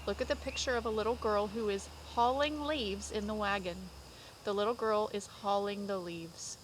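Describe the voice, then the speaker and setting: A young woman teaching vocabulary to kindergarteners from home, slow and clear with a sing-song, drawn-out delivery. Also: mid-range voice, slight background noise. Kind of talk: remote vocabulary lesson for young children.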